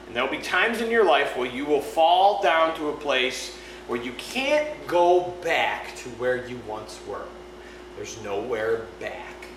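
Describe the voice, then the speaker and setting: Slow, lively-pitched man preaching. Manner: conversational, checks in with listeners. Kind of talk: sermon. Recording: echoey room with background noise.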